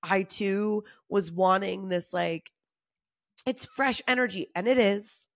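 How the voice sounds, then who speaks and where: A woman's voice: mid-range voice, takes it slowly, creaky, no echo, clean studio sound. Tired, candid woman podcasting solo. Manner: candid, confessional, with casual laughs and swearing. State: tired and run down. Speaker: podcast host.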